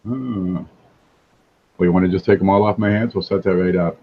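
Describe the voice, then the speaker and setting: A man's voice: deep voice, steady tone, fairly quick, lo-fi sound. A man hosting a casual livestream chat, wisecracking and joking as he talks. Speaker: host.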